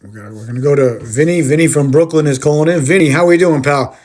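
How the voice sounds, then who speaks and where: A man's voice: a little high, fast talker, darkish tone. A man hosting a comedic sports radio call-in sketch. He plays the patient straight man to the caller. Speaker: sports show host.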